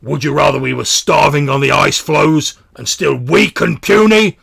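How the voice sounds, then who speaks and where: A man voicing a hulking, brutal male mutant tribe leader who shouts and domineers. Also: fairly low pitch, a little slow, vocal fry, breathy edge, no echo, full character voice. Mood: aggressive.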